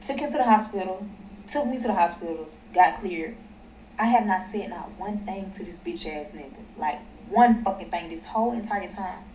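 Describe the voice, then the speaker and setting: A woman's voice: mid-range voice, moderate pace, mellow, slight background noise. A young woman telling a personal story in a blunt, emphatic way, swearing heavily. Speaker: storyteller in a clip being reacted to. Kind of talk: profane storytime rant. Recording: echoey, distant mic with faint ambience.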